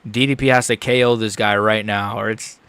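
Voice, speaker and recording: A young man streaming a live fight reaction, excitable, swearing and repeating himself as he swings from groaning despair to shouting. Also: on the low side, brisk, clean tone, no room sound.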